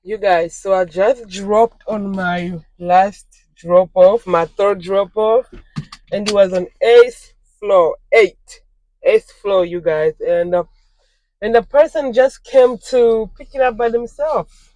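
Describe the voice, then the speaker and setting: A delivery driver vlogging through a work shift, chatting to viewers and repeating phrases with excitement. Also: medium pitch, slow pace, no room sound. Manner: excitable, repeats phrases, keeps saying "you guys". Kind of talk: casual vlog talking to viewers.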